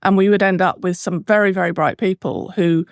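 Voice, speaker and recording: A woman hosting a podcast, asking measured, thoughtful interview questions. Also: lowish voice, steady tone, vocal fry, no echo, clean studio sound. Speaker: podcast host.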